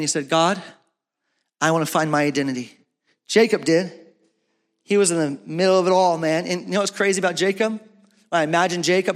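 A man preaching a sermon as pastor in a church, swinging from loud, shouted peaks down to low, soft talk. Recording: long reverb of a church hall.

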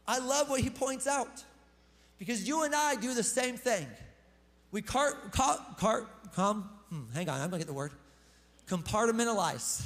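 A man preaching in a loose, chatty way, tossing in slang and jokes at his own expense. His voice sits very high for a man, and it rings out with a long echo from a big hall. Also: normal speed, a bit bright. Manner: casual, conversational preaching with slang and self-deprecating asides. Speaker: pastor. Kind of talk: sermon.

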